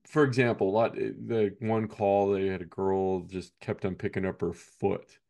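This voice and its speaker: A man's voice: lowish voice, little pitch movement, a little slow, gravelly, dark tone. A man, a basketball coach, chatting casually on a podcast, rambling and often ending points with "right?".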